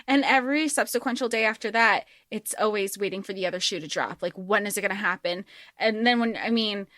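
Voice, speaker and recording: A woman's voice: medium pitch, a little fast, pushed and bright, no room sound, clean studio sound. A woman co-hosting a book podcast, talking animatedly and acting out characters' lines. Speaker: podcast co-host. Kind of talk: casual book discussion.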